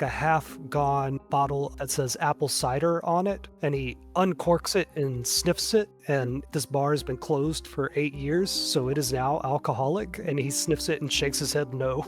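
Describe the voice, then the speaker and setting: A man narrating a tabletop game as game master, casual, often saying "like". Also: on the high side. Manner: casual, frequent "like" fillers.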